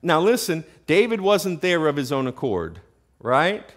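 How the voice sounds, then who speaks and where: Brief: animated male preacher, somewhat high voice that swings widely. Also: a little slow. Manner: animated, rising to emphatic questions. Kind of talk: sermon. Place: church.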